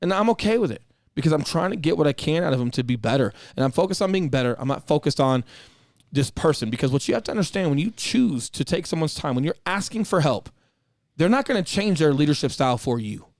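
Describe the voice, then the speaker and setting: A man's voice: on the high side, sing-song, quick pace, no echo, clean studio sound. A man and former Marine co-hosting a podcast, talking casually in a blunt, direct way and swearing freely. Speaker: podcast co-host.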